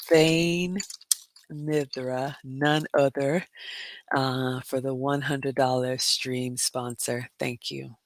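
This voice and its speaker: A woman hosting a casual livestream, reading viewer comments and telling a story with loud exclamations and hushed asides. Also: sits low, no room sound. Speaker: livestream host.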